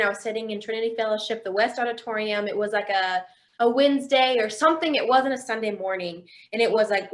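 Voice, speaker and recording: A woman's voice: mid-range voice, a bit bright. A young woman sharing her faith testimony in an interview, telling it expressively and acting out quoted dialogue. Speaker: interview guest.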